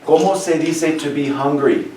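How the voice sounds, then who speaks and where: A male Spanish teacher giving a lesson, animated and joking, who keeps repeating key phrases and checking with "right?". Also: on the high side, moderate pace, echoey room, recorded from a distance, slight background noise, poor audio. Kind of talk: classroom lesson over a video call. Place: classroom or room with a board.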